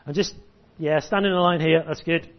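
A man's voice: a little high, fairly even intonation, moderate pace, highs cut off. A man preaching a sermon and leading children through a memory verse, encouraging and call-and-response. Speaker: pastor. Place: church service.

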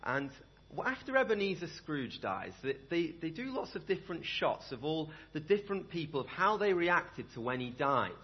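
Young guy preaching, husky voice, chatty, keeps asking the room stuff, dull lo-fi church recording. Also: on the high side, moderate pace. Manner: animated, conversational, asks the room rhetorical questions. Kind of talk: sermon. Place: church hall.

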